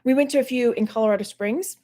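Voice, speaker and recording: A woman's voice: fairly high pitch, fast talker, mellow. A middle-aged woman from Texas rambling casually on her livestream, laughing often, her mouth dry. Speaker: online reseller hosting a livestream.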